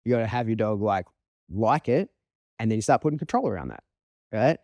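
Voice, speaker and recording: A man's voice: lowish voice, brisk, dry recording, lo-fi sound. An Australian man, a dog trainer, chatting casually on a podcast and telling stories with acted-out voices. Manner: animated storyteller, acts out voices.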